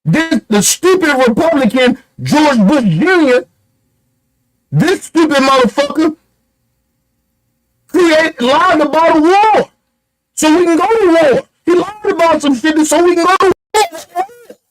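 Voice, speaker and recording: Guy with a really high voice going off on a rant, blunt, swears a lot, keeps throwing out questions. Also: expressive, a little slow, pauses often, poor audio. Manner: blunt, profane and emphatic, with repeated rhetorical questions. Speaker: online commentator. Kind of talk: heated political rant.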